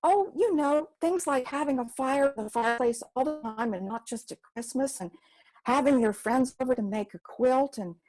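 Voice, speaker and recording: A woman's voice: sits high, normal speed, darkish tone, soft background music, pitched above the performer's own voice, close to an everyday voice, low-quality recording. A woman storyteller voicing an eager, curious young girl who asks pleading questions.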